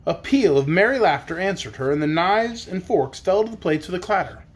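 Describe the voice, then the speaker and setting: A male audiobook narrator reading a children's story. His delivery is measured yet expressive, with a lively, wide-ranging pitch. His voice carries a soft, breathy grain.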